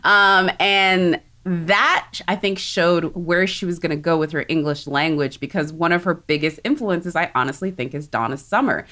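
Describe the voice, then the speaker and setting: A woman from South Texas co-hosts a film chat with an unusually low voice for a woman. She talks with enthusiasm and strong opinions and laughs often between points. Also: bright, forceful tone. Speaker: co-host. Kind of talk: casual chat.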